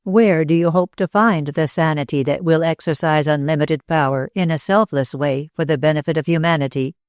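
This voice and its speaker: A woman's voice: low voice, fairly even intonation, moderate pace, darkish tone, no echo, studio quality, natural voice. A woman voicing a doubtful, slightly mocking young man in an audiobook. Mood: skeptical. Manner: doubtful, wry.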